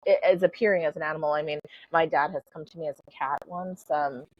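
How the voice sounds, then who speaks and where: Speaking fast in a low, breathy voice with fairly even intonation, a middle-aged woman recounts a personal story as a podcast guest. She's a spiritual coach, chatting casually with frequent "like" and "you know" and easy laughter. There's no room sound, and the recording is slightly dull and lo-fi.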